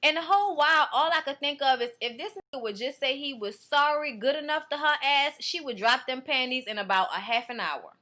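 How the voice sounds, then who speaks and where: A woman giving casual, profane commentary as a reality show reviewer, blunt and animated as she rants. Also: sits high, brisk, few pauses.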